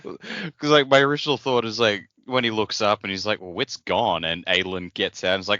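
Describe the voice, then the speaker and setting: A man's voice: lowish voice, brisk, hardly any pauses, sharp tone, no echo, dull audio. A man on a podcast joking around and comparing a book scene to a movie in casual chat. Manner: joking, makes pop-culture comparisons. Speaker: podcast co-host.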